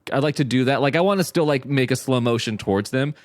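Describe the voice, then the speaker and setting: A man playing a tabletop game, talking in a halting, filler-heavy way. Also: medium pitch, no room sound, clean studio sound. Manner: hesitant, many fillers. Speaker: player. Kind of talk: casual tabletop game play.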